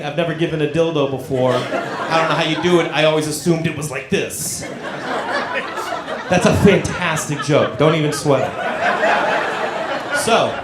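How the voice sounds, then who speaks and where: A middle-aged man telling a stand-up story on a comedy club stage, animated and acting out the voices of the people in it. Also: a little high, background noise. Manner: animated, acts out quoted voices. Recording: roomy club with loud crowd. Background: audience laughter.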